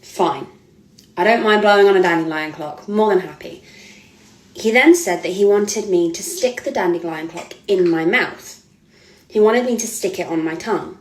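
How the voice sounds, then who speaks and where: A woman's voice: lowish voice, normal speed, slight background noise. A woman, a model giving an earnest, hesitant personal account. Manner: earnest, hesitant, with frequent ums and restarts. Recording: echoey room.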